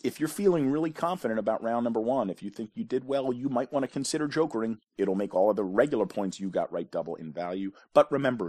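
A man's voice: fairly low pitch, a little mellow, no room sound. Dry-voiced man hosting a trivia quiz. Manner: wry asides, dry jokes between questions. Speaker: pub quiz host. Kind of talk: casual trivia quiz reading.

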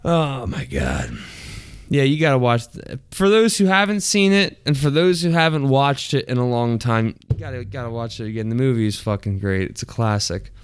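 A man's voice: mid-range voice, fairly quick, hardly any pauses, clear, resonant tone, dry recording. A man hosting a podcast in crude, profane casual chat, often laughing mid-sentence. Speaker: podcast host.

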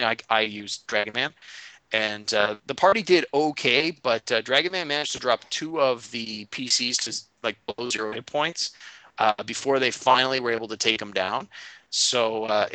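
A man's voice: medium pitch, no room sound, rough recording. A man, a game master, casually recounting a tabletop session and quoting his players as he goes. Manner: animated retelling, quotes players in quick voices. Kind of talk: casual storytelling recap.

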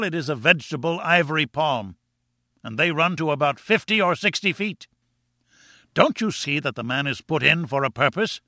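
A man's voice: bright, forceful tone, dry recording, studio quality. A man voicing a pompous, contemptuous older male professor who lectures in a triumphant, scornful way. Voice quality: booming and scornful.

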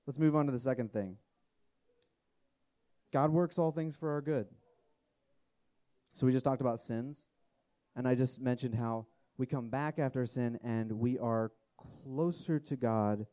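Man, 30s, mellow-voiced, informal earnest sermon delivery. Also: mid-range voice. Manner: earnest, conversational, often restarts and asks "okay?". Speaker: preacher.

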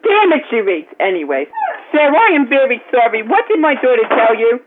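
Woman doing a shouty cussing mom, high and all over the place, noisy phone line. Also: big pitch swings, a little fast. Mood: scolding. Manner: yelling, cursing, scolding. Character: foul-mouthed frazzled young mother. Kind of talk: prank phone call.

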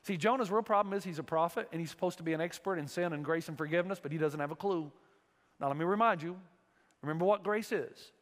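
A male pastor preaching a sermon in a church, animated and acting out the voices of biblical figures. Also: on the high side, fast talker, in a large hall. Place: church sanctuary.

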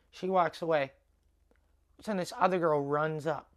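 Female comic, low voice, loose podcast monologue, swears, acts out lines. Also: measured pace. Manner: animated, swears, acts out dialogue in quotes. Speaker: stand-up comedian. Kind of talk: casual solo podcast storytelling.

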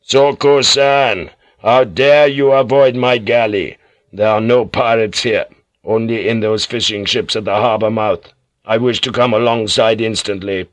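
A man voicing an imperious male warlord who calls out slow, commanding demands in an audiobook reading. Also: fairly low pitch, steady tone, dry recording, natural voice.

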